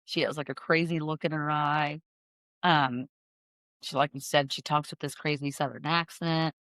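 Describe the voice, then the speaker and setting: A woman's voice: deep voice, steady tone, moderate pace, a bit bright, dry recording. A woman podcast host casually telling a true-crime story, chatty and full of fillers and restarts. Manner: chatty, filler-heavy, self-correcting storyteller. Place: in-person podcast studio.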